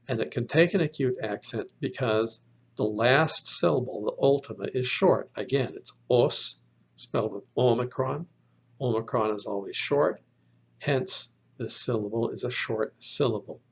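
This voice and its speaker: A man teaching biblical Greek in a slow, methodical lesson, spelling out letters one by one and correcting his own slips. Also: mid-range voice, vocal fry, husky. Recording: dull lo-fi recording.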